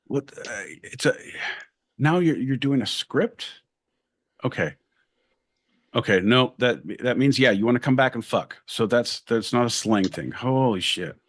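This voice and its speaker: A man's voice: mid-range voice, expressive, measured pace. Ranting, foul-mouthed podcast host man. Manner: loud, profane, ranting. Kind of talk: crude comedic banter.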